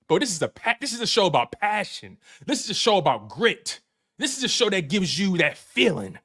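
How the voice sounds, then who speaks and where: Man, Philadelphia accent, sports show host, live rant, hyped, slangy, repeats himself, high animated voice. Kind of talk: excited live post-game rant.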